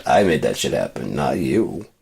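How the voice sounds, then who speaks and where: A man's voice: extremely low pitch, sing-song, normal speed, gravelly, very noisy. A man venting in a rambling, profane monologue with many restarts. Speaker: vlogger.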